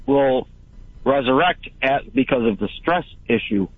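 A man calling in to a radio show who speaks haltingly, with pauses and fillers between phrases. His voice comes through a tinny, narrow phone line at a middle pitch. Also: lively intonation, breathy edge. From Hawaii. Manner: hesitant, halting, many fillers. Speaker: caller.

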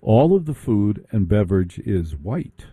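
Sarcastic man telling a dark-voiced story. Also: lowish voice, unhurried, breathy edge, no room sound, studio quality. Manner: sarcastic, animated, mocking. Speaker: comedic storyteller. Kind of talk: stand-up style storytelling.

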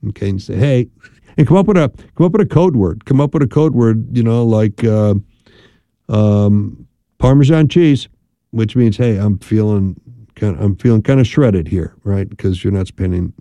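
A middle-aged man hosting a radio talk show, counseling couples in a chatty, rambling way with animated asides. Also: lowish voice, normal speed, no room sound. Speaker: radio host and marriage counselor.

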